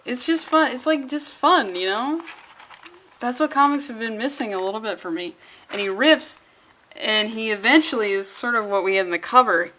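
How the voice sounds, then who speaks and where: A woman's voice: a little high, normal speed, pushed and bright. A young adult woman reviewing a comic in a casual vlog, chatty and jokey, often restarting mid-sentence.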